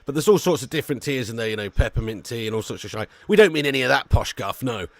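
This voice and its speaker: A man's voice: medium pitch, lively intonation, quick pace, no room sound. A man hosting a live watch-along, reading out viewer comments in loose, joking banter with frequent swearing and chuckles. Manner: laid-back banter, swears freely, chuckles often.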